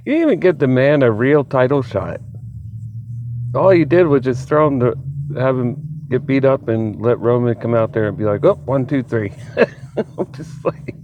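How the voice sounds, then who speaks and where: A man hosting his own channel, chatting excitedly in a casual solo commentary, laughing often and swearing freely, amped up on an energy drink. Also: medium pitch, phone-quality sound, slight background noise. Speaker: wrestling commentary channel host.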